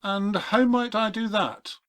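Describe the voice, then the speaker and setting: A man voicing an eccentric, excitable collector in a comedy audio play, with a polite, formal manner. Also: high-pitched, takes it slowly. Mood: prim.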